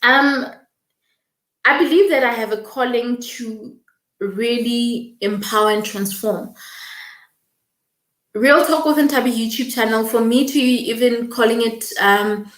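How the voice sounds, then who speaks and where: A young woman hosting a casual livestream, greeting viewers by name and talking warmly and quickly about her channel and purpose. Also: fairly high pitch, reverberant. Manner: warm, effusive, reads viewer comments aloud; fast-talking, emotional, laughing. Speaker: livestream host.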